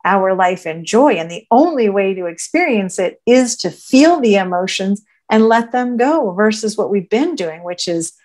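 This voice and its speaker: A woman podcast guest in conversational teaching mode, reflective and gentle, who often voices imagined inner thoughts and checks in with "right?". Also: mid-range voice, expressive, moderate pace, hardly any pauses.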